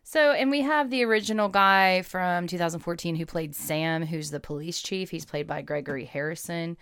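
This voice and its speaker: Low-voiced woman podcast co-host, smooth and dry. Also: moderate pace, a bit bright, dry recording. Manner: chatty, rattles off lists. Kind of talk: casual chat about a movie.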